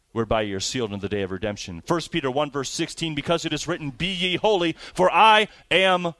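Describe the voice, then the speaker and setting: A man preaching a sermon, reading scripture aloud slowly and building his emphasis on key words. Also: medium pitch, fairly bright tone, dry recording. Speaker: pastor.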